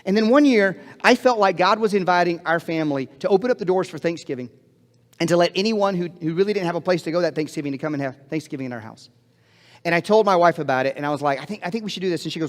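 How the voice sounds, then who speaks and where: A male pastor from Alabama preaching a story-filled sermon with lively, acted-out dialogue, then closing in prayer. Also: high voice, quick pace. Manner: animated, acts out dialogue, repeats phrases. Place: church auditorium. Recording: long hall reverb.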